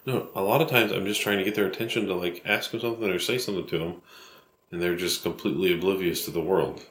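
A young adult man co-hosting a podcast, bickering casually, sarcastic and defensive in quick bursts. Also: sits low, fairly even intonation, fairly bright tone. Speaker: podcast co-host. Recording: roomy home recording, faint hiss.

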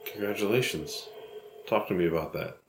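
A young adult man co-hosting a podcast, bickering casually, sarcastic and defensive in quick bursts. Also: lowish voice. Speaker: podcast co-host. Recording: roomy home recording, faint hiss.

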